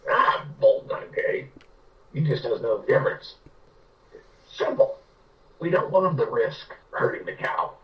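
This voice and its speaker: A man voicing a blunt, gravelly old male rancher with a heavy Basque accent. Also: medium pitch, animated, unhurried, long pauses, far from the mic, highs cut off, close to an everyday voice. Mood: matter-of-fact.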